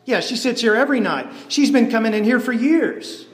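A man doing a gruff diner owner. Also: very high voice, animated, a little fast. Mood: upbeat. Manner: gruff, blunt. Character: gruff middle-aged male diner owner. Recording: echoey hall.

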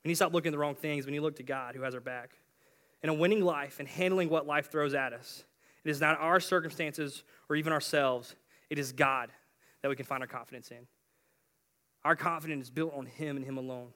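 A man's voice: fairly high pitch, fairly even intonation, fairly quick, sharp tone. A young man preaching a casual youth sermon in a chatty way, with slang and frequent restarts.

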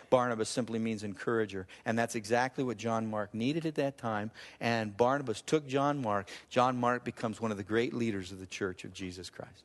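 Animated male preacher in a reverberant hall. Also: brisk, few pauses. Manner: animated preacher, voice climbing high for emphasis, laughs at himself. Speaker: pastor. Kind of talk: sermon. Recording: long reverb of a large hall.

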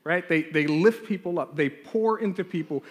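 A man telling a lively childhood story in a sermon and then leading a prayer, acting out the scenes as he goes. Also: a little high, normal speed. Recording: long hall reverb.

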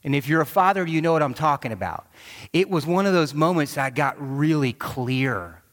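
A man in his thirties preaching a sermon, telling a personal story with animated quoted voices. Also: on the high side, normal speed. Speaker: pastor. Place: large church auditorium. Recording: long hall reverb.

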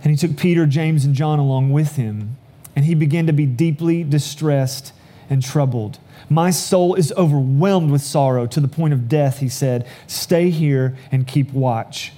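A man preaching a sermon, reading scripture aloud and explaining it earnestly, slowing down for emphasis. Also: fairly high pitch, warm tone. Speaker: pastor.

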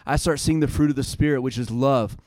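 A man's voice: mid-range voice, a little fast, darkish tone, dry recording, studio quality. A man in his thirties preaching a sermon, earnest and conversational, building to fervent passages. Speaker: pastor.

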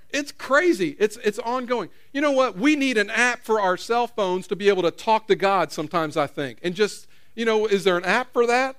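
Man, middle-aged, pastor, high voice, conversational, repetitive, church sermon. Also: normal speed, hardly any pauses, fairly bright tone, clean tone. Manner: conversational, repeats phrases, questions the audience.

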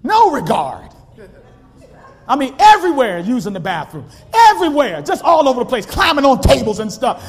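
A man preaching a sermon in a church, calling out to the congregation and swinging from shouting to quiet storytelling. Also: very high-pitched, big pitch swings, moderate pace. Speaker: pastor. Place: church sanctuary. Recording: long hall reverb.

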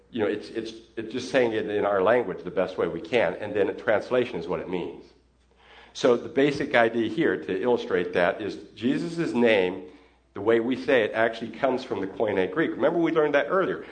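A man, a pastor, teaching a congregation in a conversational sermon, often putting questions to his listeners. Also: medium pitch. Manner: conversational, asks the audience questions.

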